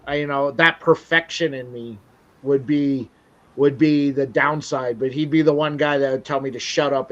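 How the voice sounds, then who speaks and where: A man with a fairly high voice hosts a relaxed interview, rambling along and running himself down, full of restarts. The audio is dull and lo-fi. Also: normal speed. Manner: rambling, self-deprecating, many restarts. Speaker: show host. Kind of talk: casual interview chat.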